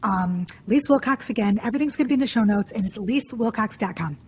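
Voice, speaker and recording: A woman's voice: medium pitch, darkish tone, slight background noise. A woman around fifty hosting a podcast interview, effusive and chatty, heaping praise on her guest. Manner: effusive, gushing, quick and chatty. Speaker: podcast host.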